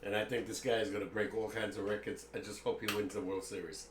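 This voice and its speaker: A man's voice: on the low side, steady tone, fast. An older man co-hosting a live sports stream, talking baseball in an easygoing, reminiscing way. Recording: roomy echo with faint background noise.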